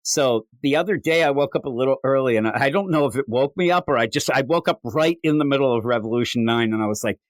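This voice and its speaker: A man's voice: mid-range voice, fast talker, hardly any pauses. A man hosting a comic book podcast, chatting casually in a rambling, self-mocking way. His voice sits in a middle register. The sound is dry and close, with no room echo. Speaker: podcast co-host. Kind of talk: casual chat.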